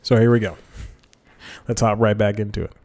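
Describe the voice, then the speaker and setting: A man's voice: fairly low pitch, little pitch movement, fairly quick, a little mellow. A man hosting his own podcast alone, rambling casually with chuckling asides and frequent self-corrections, talking into a desk mic with headphones on. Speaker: podcast host. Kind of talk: solo podcast chat.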